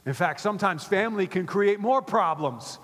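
A middle-aged pastor preaching a sermon in a church, animated and repetitive, dropping to soft asides between louder points. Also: male voice, sits high, moderate pace. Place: church auditorium. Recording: long reverb of a large hall.

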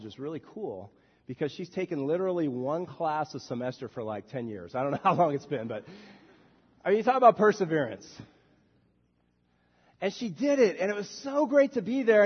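A man preaching a sermon as a minister, swinging from soft, quiet passages to loud shouted bursts. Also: fairly high pitch, husky, big-room sound, muffled recording. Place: church sanctuary.

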